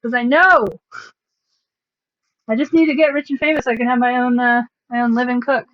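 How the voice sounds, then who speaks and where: A woman's voice: a little high, fairly even intonation, brisk, muffled recording. A woman livestreamer chatting casually, rambling with sarcastic, self-mocking asides.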